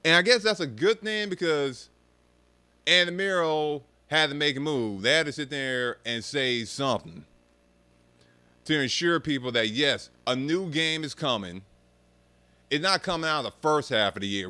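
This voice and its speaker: A young man ranting casually to his viewers, swearing freely and mocking people in an animated way. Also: mid-range voice, normal speed, no room sound. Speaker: streamer talking about arcade rhythm games.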